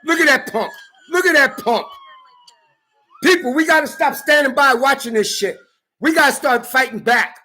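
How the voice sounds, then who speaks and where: Angry vlogger, male, very high sharp voice, profane ranting with frequent shouting. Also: normal speed, long pauses. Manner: heated, profane, often shouting. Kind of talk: angry rant to camera. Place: California.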